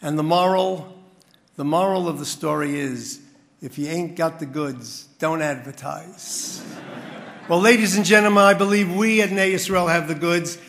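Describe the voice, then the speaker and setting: Gravelly-voiced man giving a dinner speech. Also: a little high, fairly bright tone, in a large hall. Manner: storytelling with crowd-rousing build-ups. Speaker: master of ceremonies at a community dinner.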